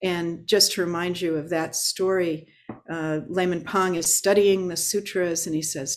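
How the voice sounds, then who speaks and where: A woman Zen teacher giving a dharma talk, unhurried and reflective, pausing often on filler sounds. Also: fairly low pitch, fairly even intonation.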